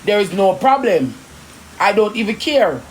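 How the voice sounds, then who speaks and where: A woman with a Jamaican accent, ranting indignantly in rapid patois on a live stream. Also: medium pitch, sing-song, a little hiss or hum. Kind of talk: heated live-stream rant.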